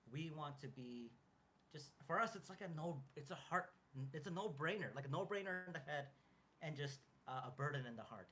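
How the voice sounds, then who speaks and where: A man in his thirties in casual chat as co-host, earnest and halting, with many restarts and fillers. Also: a little high, animated, sharp tone, slight background noise.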